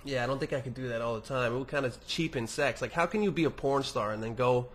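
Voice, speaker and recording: A man's voice: medium pitch, quick pace. Young dude on his podcast, reading emails and rambling, cussing a lot, lots of false starts. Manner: rambling and profane, with many restarts. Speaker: podcast host answering listener emails. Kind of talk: casual podcast monologue.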